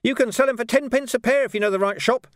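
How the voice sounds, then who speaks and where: A man doing a whiny high-voiced street urchin. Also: quick pace, no room sound, studio quality. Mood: chatty. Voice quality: high, whining, common speech. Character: scruffy young male street urchin, whiny and shifty.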